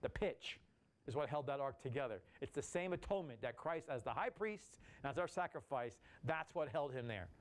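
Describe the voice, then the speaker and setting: A man leading a Bible study, teaching in a lively, casual way and acting out the people in the story. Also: medium pitch, normal speed. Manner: animated, acts out voices of people in the story, casual slang.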